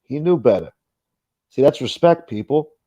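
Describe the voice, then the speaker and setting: A man's voice: medium pitch, lively intonation, moderate pace, warm tone, no echo. A man hosting a casual livestream, reading viewer comments in a blunt, profane, rambling way. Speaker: livestream host.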